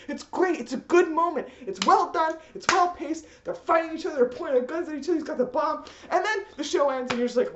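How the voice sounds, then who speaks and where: A young woman ranting in an exasperated, animated vlog, laughing often. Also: sits high, fairly quick, hardly any pauses, a little hiss or hum. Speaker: vlogger. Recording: echoey room, slightly dull.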